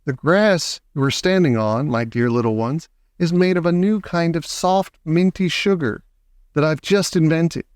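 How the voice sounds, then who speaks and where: A man voicing an eccentric, excitable male chocolate maker who talks in a gushing, showy way. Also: a little slow, smooth, dry recording, studio quality, natural voice. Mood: delighted. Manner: gushing, showy, high and bouncy.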